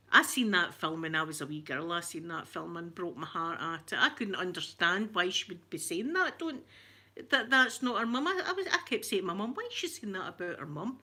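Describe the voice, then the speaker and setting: Bright-voiced woman, chatty and emotional. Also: on the low side. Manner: chatty, emotional, open about feelings. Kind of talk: casual chat answering viewers.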